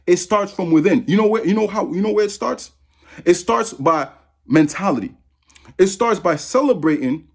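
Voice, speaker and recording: Husky man in his thirties, fired-up profane rant to camera, voice swings up and down a lot. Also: fairly high pitch, darkish tone. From Massachusetts. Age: 30s. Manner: profane, heated, repetitive. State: angry. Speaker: vlogger.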